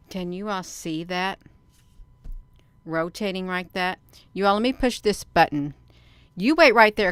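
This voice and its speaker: A woman hosting a casual vlog who talks excitedly to her viewers, repeats herself and sounds out of breath. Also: on the low side, clear, resonant tone, no echo. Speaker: video channel host.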